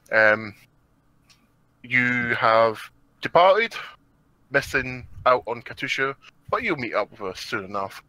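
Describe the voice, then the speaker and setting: A man narrating a tabletop game as game master, low-pitched but bright in tone. He wanders through his narration with ums and restarts, recorded dry and close. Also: no room sound, rough recording. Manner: rambling, hesitant, many fillers.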